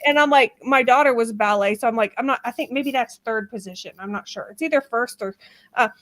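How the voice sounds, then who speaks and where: A woman's voice: a little high, fairly quick, low-quality recording. Sarcastic middle-aged woman commentating. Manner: animated, sarcastic, acts out quotes. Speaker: true-crime commentator. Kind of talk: casual commentary.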